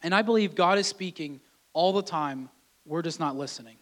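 A man's voice: a little high, moderate pace, a bit bright. A man preaching a sermon in a conversational way, often repeating and restarting his words. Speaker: pastor.

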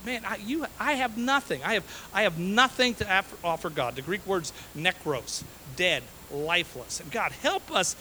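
A man preaching a sermon from the pulpit with a bright, forceful voice pitched a little high. He hammers his points by repeating phrases and keeps checking in with the congregation. A faint hiss runs under the recording. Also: expressive, moderate pace, low-quality recording. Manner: emphatic, repeats phrases, frequent "okay?" and "right?". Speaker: pastor.

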